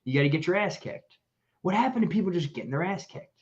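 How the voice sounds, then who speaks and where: A man's voice: sits high, expressive, fast, dull audio. A man co-hosting a live podcast in casual chat, blunt and profane, rambling with lots of fillers over a video call. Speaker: podcast co-host.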